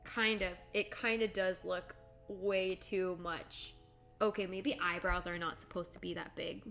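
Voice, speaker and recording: Slow, bright-voiced young woman streaming. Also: lowish voice, fairly even intonation, faint music behind. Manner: giggly, thinking aloud and chatting to viewers. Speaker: livestreamer. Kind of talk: casual live-stream chat while drawing.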